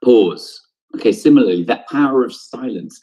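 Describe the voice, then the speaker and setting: A man's voice: medium pitch, animated, moderate pace, dark tone, husky, poor audio. A man teaching an online drama lesson, explaining ideas step by step, asking questions and then answering them, with frequent ums.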